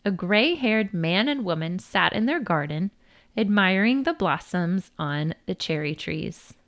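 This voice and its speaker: Woman narrator, children's storytelling, unhurried and deliberate, very melodic. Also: lowish voice, expressive, a bit bright.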